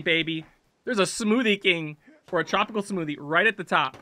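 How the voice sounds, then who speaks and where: A man with a high, very bright voice narrates his own gameplay. His pitch leaps all over as he drops from quiet, jokey mumbling into frustrated yells at the screen. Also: expressive, normal speed, dry recording. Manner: yells at his climbing character, swings from mutters to shouts; jokey self-talk while playing. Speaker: gaming channel host. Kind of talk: let's play commentary.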